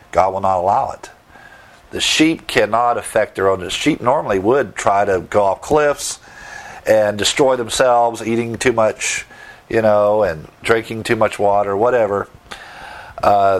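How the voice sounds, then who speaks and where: A man preaching a sermon, teaching verse by verse with emphatic asides and rhetorical questions. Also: lowish voice. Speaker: pastor.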